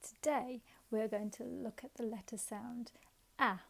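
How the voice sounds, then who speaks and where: Woman, early-years phonics teacher, slow and deliberate, a little high, sing-song encouraging delivery. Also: fairly even intonation, gravelly, warm tone. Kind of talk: phonics lesson for young children.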